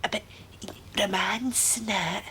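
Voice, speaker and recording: Sitcom part: gossipy Scottish busybody. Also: female voice, medium pitch, slow, sharp tone, slight background noise. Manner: gossipy, conspiratorial.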